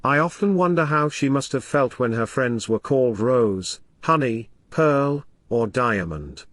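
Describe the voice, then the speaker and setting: A worn-out young mother of three, her words heavy with sarcasm and fatigue, voiced by a male audiobook reader. The delivery sits a touch lower and softer than the narration, while still moving around in pitch. The sound is dry and close, with no room around it. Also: expressive, unhurried, dry recording. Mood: bitter. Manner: weary and sarcastic. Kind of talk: audiobook dialogue reading.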